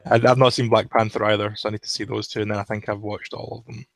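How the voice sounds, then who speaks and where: A man's voice: on the low side, little pitch movement, fast talker, vocal fry, no echo. A man co-hosting a casual podcast over a headset, thoughtful and explaining his point at length. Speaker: podcast co-host. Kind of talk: casual chat.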